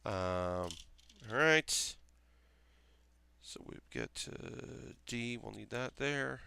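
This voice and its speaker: A man's voice: medium pitch, lively intonation, extremely slow, vocal fry, long pauses, sharp tone, clear, resonant tone, no room sound. A young man from South Carolina chatting casually on a live stream while building a model kit, thinking aloud and reassuring his viewers.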